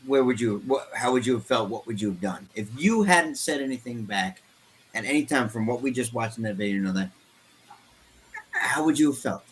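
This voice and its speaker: A man's voice: medium pitch, animated, a little fast, a little hiss or hum, rough recording. A man co-hosting a casual podcast chat and asking probing questions. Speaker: podcast co-host.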